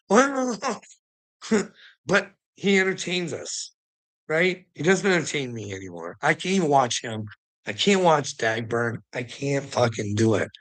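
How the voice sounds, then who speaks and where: A man's voice: mid-range voice, a bit bright, low-quality recording. A man holds forth in a casual livestream rant, his voice sitting in a plain middle register. He swears constantly and rambles from one grievance to the next, exasperated and talking straight at his viewers. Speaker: streamer ranting to viewers.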